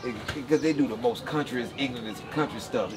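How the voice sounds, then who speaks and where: A man's voice: mid-range voice, fairly quick. A man, a comedian guest, telling stories in a radio interview, laughing often and acting out other people's voices. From Texas. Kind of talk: animated storytelling in a radio interview. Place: live outdoor broadcast with a crowd.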